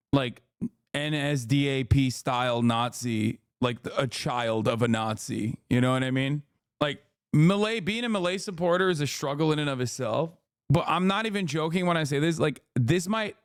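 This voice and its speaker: A man's voice: a little high, clear, resonant tone, no room sound, studio quality. A man in his thirties, a streamer reacting live with loose, joking commentary and frequent laughs.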